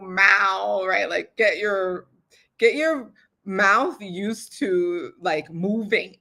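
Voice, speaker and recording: A woman's voice: mid-range voice, a bit bright. A young woman hosting a podcast, giving a casual how-to talk on recording audiobooks in a chatty, filler-heavy way and laughing often.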